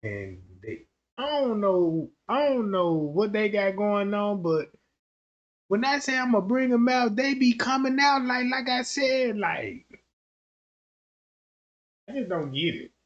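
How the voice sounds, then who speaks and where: A man's voice: high voice, big pitch swings, slow, long pauses, lo-fi sound. A man hosting a casual commentary stream, slangy and emphatic, repeating himself as he builds up his points. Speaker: YouTube commentator.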